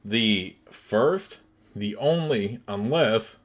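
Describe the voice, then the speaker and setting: A man's voice: fairly low pitch, animated, drawn-out words. A man voicing a young, resolute woman wizard-warrior from a computer game, speaking in formal, old-fashioned phrasing. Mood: shaken.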